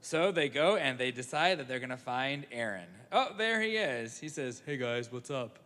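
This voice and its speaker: A man's voice: medium pitch, lively intonation, moderate pace, bright, forceful tone. A man leading a family service, telling a story to a congregation with playful, jokey asides. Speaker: service leader. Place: synagogue sanctuary. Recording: echoey sanctuary, live broadcast.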